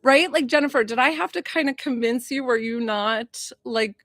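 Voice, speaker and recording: Excitable, rambling woman psychic healer. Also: fairly high pitch, normal speed, no room sound, soft background music. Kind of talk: casual livestream chat with viewers.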